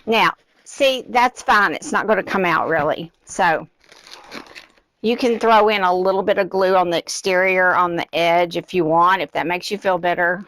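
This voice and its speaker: A woman's voice: on the low side, normal speed, a bit bright, no room sound. A middle-aged woman hosting a live craft demonstration, chatting directly to her viewers and slightly out of breath. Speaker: craft tutorial host.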